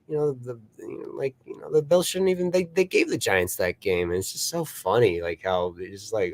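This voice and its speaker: A man co-hosting a podcast, talking excitably and with heavy swearing as he recounts his favorite scenes. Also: mid-range voice. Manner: excitable, profane, amused. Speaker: podcast co-host. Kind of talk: casual film discussion.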